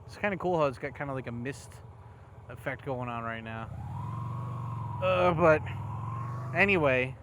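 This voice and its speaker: A man's voice: medium pitch, unhurried, pauses often. Swearing man ranting outdoors in traffic. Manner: rambling, heavy swearing, angry. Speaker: motovlogger. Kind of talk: casual riding vlog rant. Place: outdoors on city streets while riding. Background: faint traffic noise.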